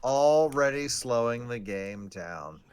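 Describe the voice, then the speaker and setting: Lively sarcastic man chatting on a stream. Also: medium pitch, slow pace, a crowd in the background. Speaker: podcast co-host. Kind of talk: casual live-stream chat about baseball.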